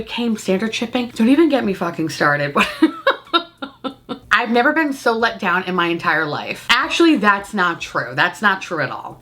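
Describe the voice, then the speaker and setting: A woman's voice: on the high side, sharp tone. A woman beauty vlogger reviewing makeup in a casual rant, profane, dramatic and poking fun at herself. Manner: profane, dramatic, self-mocking humor.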